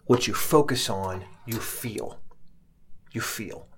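A man's voice: on the low side, takes it slowly, a little hiss or hum. A man giving an earnest motivational talk, often repeating words and restarting his sentences. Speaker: motivational speaker.

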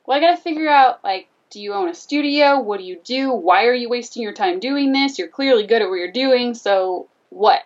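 A woman's voice: a little high, expressive, a little fast, hardly any pauses, distant mic, lo-fi sound. A woman telling a personal story in casual conversation, animatedly acting out both sides of the dialogue. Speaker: guest telling her story.

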